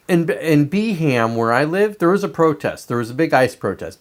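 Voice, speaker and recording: A man's voice: fairly high pitch, very animated, moderate pace, few pauses. A man hosting a show, delivering a blunt, profanity-laced political commentary monologue. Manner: profane, emphatic ranting. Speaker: podcast host.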